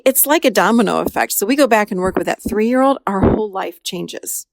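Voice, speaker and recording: A woman's voice: mid-range voice, no room sound, clean studio sound. A woman therapist hosting a podcast, telling a client's story casually and acting out the dialogue in a raised voice. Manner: animated, acts out dialogue in a raised voice.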